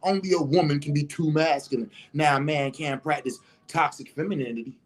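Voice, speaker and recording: A man talking in a casual livestream monologue, animated and emphatic, swearing freely. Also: on the high side, brisk. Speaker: vlogger.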